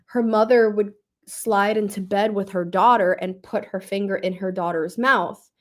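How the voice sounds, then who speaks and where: A young woman hosting a book club, talking casually and emotionally about a novel, with many fillers and pauses to think. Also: medium pitch, steady tone. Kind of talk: casual book review livestream.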